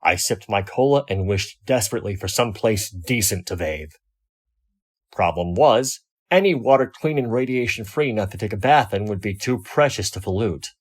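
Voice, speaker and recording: A man reading a first-person fan fiction story aloud, wry and expressive. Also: on the low side, normal speed. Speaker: audiobook reader.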